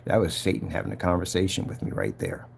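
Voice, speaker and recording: A man's voice: sits low, sing-song, quick pace, gravelly, a little hiss or hum. Earnest preachy man telling his story. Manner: earnest, preachy, retells events with acted-out voices. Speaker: vlogger giving a personal testimony. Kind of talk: casual spoken testimony.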